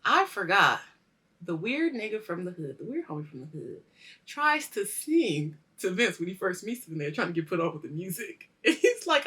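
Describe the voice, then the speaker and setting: A woman hosting a weekly show, casually reviewing a TV episode, animated and swearing freely as she acts out the scenes. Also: lowish voice, normal speed. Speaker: host of a weekly culture show.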